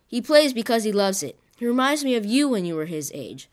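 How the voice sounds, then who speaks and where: A woman voicing a blunt, gruff male jazz band leader who scolds in an exasperated way. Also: on the high side, sing-song, brisk, voice pushed up. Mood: earnest.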